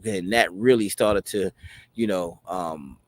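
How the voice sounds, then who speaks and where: A man's voice: low-pitched, takes it slowly. A man in his forties telling a personal story in a rambling way, filling it with many "you know what I mean" asides. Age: 40s. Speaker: host.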